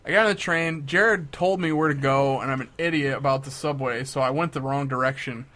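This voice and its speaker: A bright-voiced young man, a podcast co-host, tells a story in casual chat. His voice sits mid-range and moves fairly quickly, and he's an animated storyteller who acts out the quotes.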